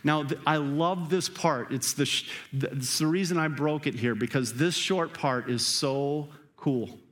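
A male pastor delivering a sermon in a slightly high voice. He talks to the congregation like a conversation, then swells to loud, urgent emphasis before easing back to a quieter tone. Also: a little slow. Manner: emphatic, rising to urgent peaks then dropping low; conversational, speaks directly to the congregation.

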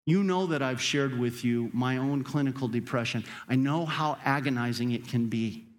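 A man with a mid-range voice speaks at normal speed while preaching a sermon. As pastor, he talks conversationally and directly to the congregation, repeatedly building to urgent, emphatic peaks and then coming back down.

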